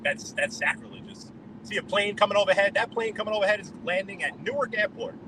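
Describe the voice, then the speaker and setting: A man's voice: high voice, quick pace, bright, forceful tone, rough recording. Chatty New man driving. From New York. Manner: chatty, greets viewers by name, rambling. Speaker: live-streaming driver. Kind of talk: casual live-stream chat while driving. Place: inside a car on the road. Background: road and traffic noise.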